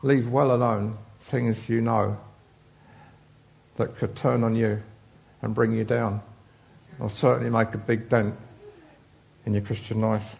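Gravelly preacher, chatty. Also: male voice, fairly low pitch, little pitch movement, a little slow, long pauses, a little mellow. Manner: chatty, rambling, with many fillers and asides. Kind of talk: informal sermon.

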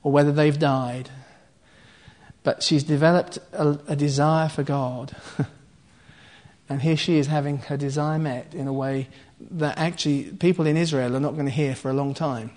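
A man whose voice is slightly high and fairly even in intonation speaks at normal speed. Preaching, he retells a scripture passage and unpacks it line by line in a conversational way, with asides to his audience and soft laughter.

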